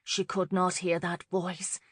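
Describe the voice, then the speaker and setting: A woman narrating a romance audiobook in a measured, expressive reading on a close studio mic. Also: fairly low pitch, dry recording. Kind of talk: scripted narration.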